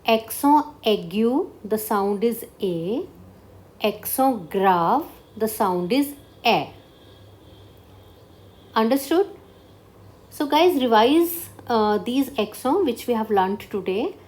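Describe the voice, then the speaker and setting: Slow, higher-voiced woman teaching French. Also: animated, a little mellow. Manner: slow and deliberate, checking understanding with "clear?". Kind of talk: online language lesson.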